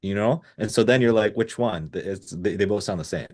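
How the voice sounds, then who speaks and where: A man's voice: lowish voice, brisk. A man from India coaching a client over a video call, laid-back and casual, saying "bro" often and swearing lightly. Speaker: business coach.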